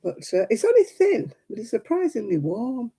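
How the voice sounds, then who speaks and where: A middle-aged woman chats away to her viewers as she crochets, her voice husky and gravelly with a very dark, mellow tone. She rambles homely and chatty, laughing often and counting her stitches aloud. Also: fairly high pitch, wildly swooping pitch, normal speed, rough recording. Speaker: livestream host. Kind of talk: casual chat while crocheting, answering viewers.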